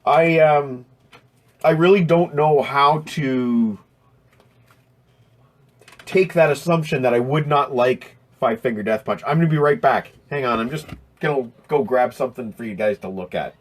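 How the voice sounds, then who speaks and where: A man's voice: medium pitch, unhurried. A man hosting a live stream from indoors, chatting casually and joking while he answers viewer questions. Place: indoors next to a window.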